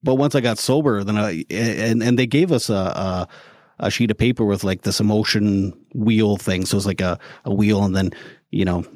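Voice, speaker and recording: A man's voice: lowish voice, moderate pace, a little mellow, no room sound. Candid, swearing man in a dry studio. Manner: candid, swears freely, laughs often. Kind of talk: casual interview chat.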